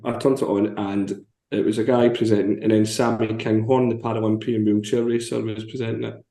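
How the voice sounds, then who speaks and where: A man's voice: fairly low pitch, level tone, brisk, vocal fry, warm tone, roomy sound. A man and journalist co-hosting a podcast, telling frank stories in casual chat and laughing often. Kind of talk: casual storytelling.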